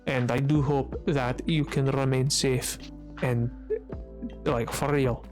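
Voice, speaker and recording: A man's voice: mid-range voice, fairly even intonation, slow, faint music behind. Man chatting in a mock Scottish brogue. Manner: playful put-on Scottish-Irish accent; talking quietly, resting his voice. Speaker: Minecraft streamer. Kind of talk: casual livestream chat while gaming.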